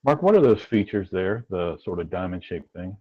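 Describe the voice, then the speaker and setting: A man's voice: sits low, lively intonation, moderate pace, a little mellow, no room sound, dull audio. A man playing a tabletop game, explaining things patiently. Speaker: player. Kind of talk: casual game talk.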